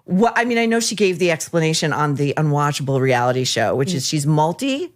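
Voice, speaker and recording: A woman's voice: sits low, very animated, a little fast. A woman talk show guest commenting in a scornful, incredulous way, often stammering and restarting. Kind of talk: casual talk show chat.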